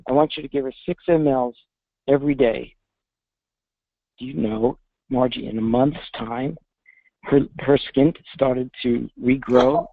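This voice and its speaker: A man who is a veterinarian tells a patient's story in an interview, earnest and halting with restarts, choked up with emotion, talking from a public space. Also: medium pitch, lively intonation, creaky, dry recording. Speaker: veterinarian guest. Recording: dry tinny phone-like line.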